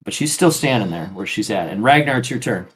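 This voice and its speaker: A man running a tabletop game as game master, narrating haltingly with many fillers and restarts. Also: fairly low pitch, expressive, fairly bright tone, slight background noise.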